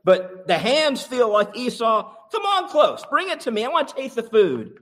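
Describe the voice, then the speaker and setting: A man's voice: extremely high pitch, wildly swooping pitch, normal speed, pitched above the performer's own voice, exaggerated voice. A man voicing a wary, suspicious old father who questions his son. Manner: wary, probing.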